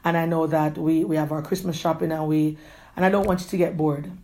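A woman hosts her own podcast, speaking in a slightly low voice. She gives an earnest, rambling pep talk, circling back to the same phrases again and again. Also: steady tone, warm tone. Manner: earnest, rambling, repeats herself often; quick talker who gestures a lot. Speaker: podcast host. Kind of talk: encouraging motivational talk.

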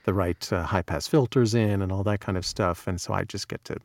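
Gravelly low-voiced male narrator. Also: steady tone, fairly quick, a little mellow, no echo, clean studio sound. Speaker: audiobook narrator. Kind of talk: casual interview chat.

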